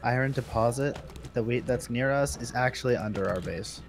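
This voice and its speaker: A man's voice: mid-range voice, normal speed, slight background noise. A man chatting casually while playing a game with friends, laid-back and a little teasing. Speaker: co-player. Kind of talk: casual gaming chat.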